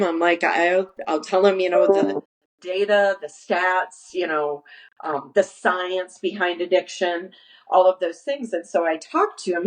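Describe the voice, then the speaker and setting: A woman's voice: on the low side, rough recording. A woman guest in an interview, telling stories earnestly with lots of restarts and acted-out quotes. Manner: earnest storyteller, acts out quoted dialogue, many restarts. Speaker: guest, nursery founder. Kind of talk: conversational interview.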